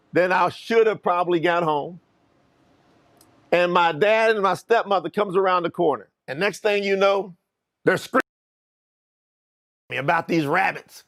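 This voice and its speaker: A middle-aged man from Kentucky, telling a personal story to online viewers as a motivational speaker, animated and talking straight to his audience. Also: high-pitched.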